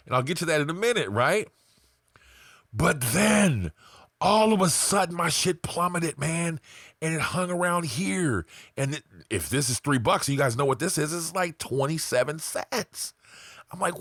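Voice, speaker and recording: A man's voice: a little high, expressive, normal speed, a bit bright, no room sound, clean studio sound. A man vlogging to his viewers in a casual motivational rant, emphatic and profane, peppered with "man" and "right". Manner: fillers like "man" and "right", rambling.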